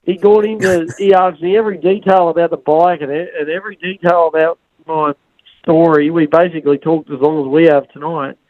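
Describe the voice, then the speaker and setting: A man's voice: fairly high pitch, fairly even intonation, a little fast, dry recording, narrow, tinny audio. An Australian man, a motorcycle racer and podcast guest, telling rambling stories with plenty of restarts and acting out what other people said. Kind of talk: casual storytelling on a podcast.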